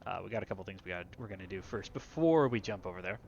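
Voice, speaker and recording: A man's voice: low-pitched, animated, fast, vocal fry, hardly any pauses, darkish tone. A man streaming a video game, chatting casually and playfully, with asides to his cat at home. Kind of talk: casual gameplay commentary. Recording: dull lo-fi with faint music.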